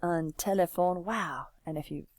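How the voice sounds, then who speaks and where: A woman's voice: fairly low pitch, a little mellow, no echo. A woman teaching a French lesson, patiently walking a class through examples while typing and encouraging answers. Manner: patient, encouraging, slow and drawn-out.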